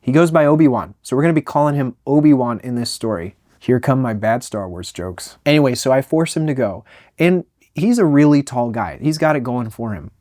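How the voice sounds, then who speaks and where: A young man narrating a comedic storytime with animated, self-mocking delivery and quick jokey asides. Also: medium pitch, no echo, clean studio sound.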